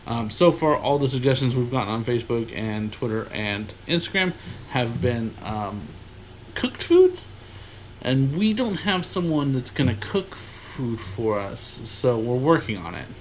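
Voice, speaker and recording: A man co-hosting a laid-back podcast, rattling along in quick, rambling stretches. His voice sits at an ordinary middle pitch. A faint hum of room ambience lingers behind him. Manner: lively, rambling, quick bursts of talk. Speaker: podcast co-host. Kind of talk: casual podcast chat.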